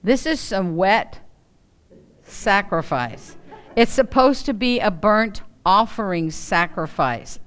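A woman teaching from the Bible with a smooth, clear voice. She reads the passage aloud and then explains it to her listeners in plain, chatty asides. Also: medium pitch. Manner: expressive, acts out quoted voices. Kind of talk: Bible teaching with scripture reading.

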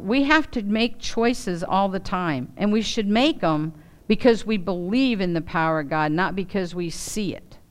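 A woman teaching from the Bible with a smooth, clear voice. She reads the passage aloud and then explains it to her listeners in plain, chatty asides. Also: medium pitch. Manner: expressive, acts out quoted voices. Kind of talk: Bible teaching with scripture reading.

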